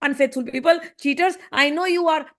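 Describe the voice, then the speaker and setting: A woman's voice: sits high, a little fast, a bit bright, pitched above the performer's own voice. A woman acting out a furious, heartbroken young woman who scolds and accuses in a raised voice. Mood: scornful.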